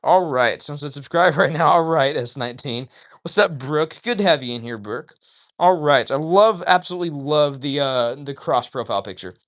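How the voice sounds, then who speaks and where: A man's voice: fairly high pitch, lively intonation, normal speed, fairly bright tone. Upbeat male streamer chatting with viewers. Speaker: livestream host reading chat. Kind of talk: casual livestream chat. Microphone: phone.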